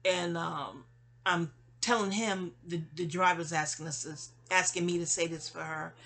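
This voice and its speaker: Woman host, husky, loose rambling vent, audio-only monologue. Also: fairly low pitch, moderate pace, a bit bright. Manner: rambling, many restarts and trailing asides. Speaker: channel host. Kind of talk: casual venting monologue.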